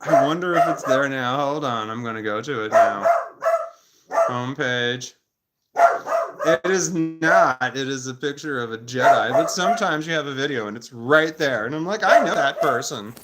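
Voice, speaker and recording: A man's voice: medium pitch, moderate pace, heavy background noise. A man chatting casually on a home live stream with a phone at arm's length, rambling and joking at his own expense. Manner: rambling, self-mocking, jokey. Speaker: YouTuber chatting with a live chat. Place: at home, indoor room. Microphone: phone held at arm's length. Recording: home phone audio with dog barking. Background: dog barking.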